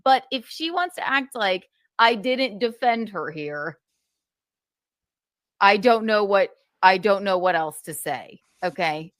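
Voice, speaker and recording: A woman's voice: medium pitch, animated, takes it slowly, no echo, clean studio sound. A woman streamer who swears a lot, defending herself in an exasperated, casual monologue.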